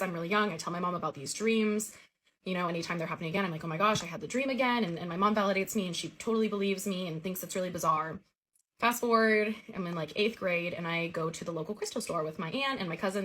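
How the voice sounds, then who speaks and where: A woman's voice: lowish voice, a bit bright. A woman telling the story of a recurring childhood dream in a casual, earnest way.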